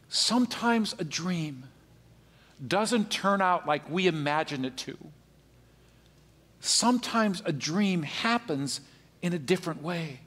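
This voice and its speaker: A man pastor preaching a sermon, animated, swinging between emphatic high peaks and quiet, low asides. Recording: long hall reverb.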